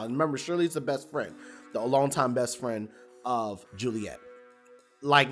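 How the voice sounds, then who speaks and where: A man's voice: medium pitch, unhurried, faint music behind. Casual, slang-heavy male recapper. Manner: animated, colloquial, rambling with restarts. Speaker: TV episode recap reviewer.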